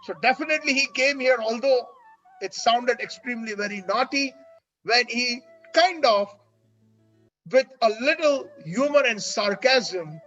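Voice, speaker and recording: Man, very high voice, slow devotional storytelling, dull sound, faint music behind. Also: fairly bright tone. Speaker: religious storyteller.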